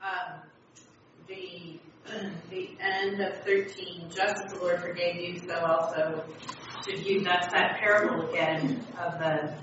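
A man's voice: high-pitched, steady tone, takes it slowly. Distant echoey man in the congregation. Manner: hesitant, adds comments to the lesson. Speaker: congregation member. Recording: distant, very echoey and muffled with background noise.

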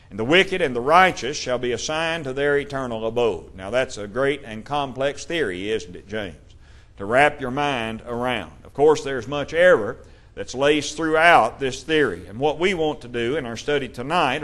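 Male preacher, mid-pitched voice, sermon, steady teaching, emphatic scripture reading.

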